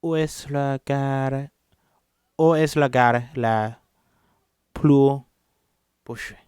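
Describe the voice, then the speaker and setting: Man voicing a dazed woman in slow, halting French; script read-through, dry sound. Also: a little high, a little mellow, smooth, dry recording. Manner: slow, stumbling French with restarts.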